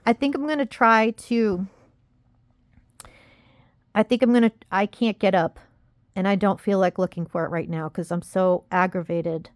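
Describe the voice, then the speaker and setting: A woman's voice: medium pitch, moderate pace, long pauses, no echo. A young woman vlogging casually, rambling and frustrated, close to tears as she warns viewers. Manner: rambling, frustrated, self-critical. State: upset, near tears. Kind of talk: casual confessional vlog.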